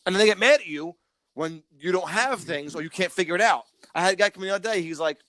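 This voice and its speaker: A man's voice: high-pitched, quick pace, pushed and bright, dry recording. A man co-hosting a casual podcast, ranting with lots of swearing and stammering on restarts. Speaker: podcast co-host.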